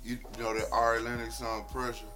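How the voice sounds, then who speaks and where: Over music, a man from Memphis tells loose, profane stories in a casual podcast chat. His voice is mid-range and his pace quick, and his storytelling is animated.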